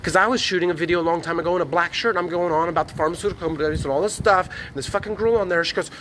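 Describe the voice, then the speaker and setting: A man ranting in a rambling, profane, preachy vlog monologue, talking excitedly to his phone camera. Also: high voice, racing, a little hiss or hum. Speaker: vlogger. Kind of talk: rambling selfie-video monologue. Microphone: phone on a tripod.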